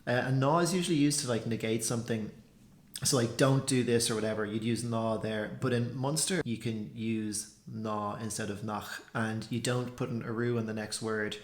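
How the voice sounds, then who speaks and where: A man's voice: mid-range voice, fairly even intonation, moderate pace. Chatty man explaining, echoey room. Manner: chatty, loose, full of "like" and "so" fillers. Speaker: language teacher. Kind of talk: casual explanatory lesson.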